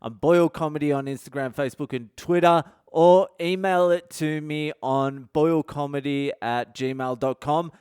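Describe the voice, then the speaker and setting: A man's voice: a little high, moderate pace, hardly any pauses, clean tone, dry recording, clean studio sound. Brash, sweary Australian man telling stories. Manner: brash, sweary, animated storytelling. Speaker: podcast host, comedian. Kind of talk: profane comedic storytelling monologue.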